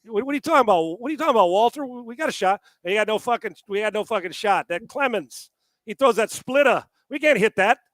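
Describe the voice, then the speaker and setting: A man doing an impression of a gruff older East Coast hitting coach who grumbles and swears bluntly. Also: high voice, lively intonation, quick pace, fairly bright tone, no echo, studio quality, pitched above the performer's own voice. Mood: grumbling.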